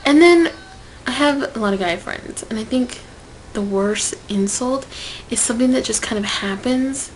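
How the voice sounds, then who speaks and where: Animated young woman vlogger, slightly high. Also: normal speed, a little hiss or hum, low-quality recording. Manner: animated, swings between loud outbursts and whispered asides. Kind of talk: casual storytelling to camera.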